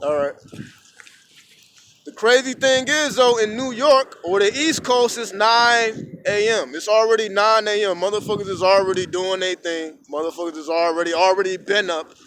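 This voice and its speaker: High-voiced man vlogging outdoors, swearing. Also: normal speed. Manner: profane, rambling, animated storytelling. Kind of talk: casual outdoor vlog monologue. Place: outdoors at sunrise, street. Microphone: phone camera at arm's length.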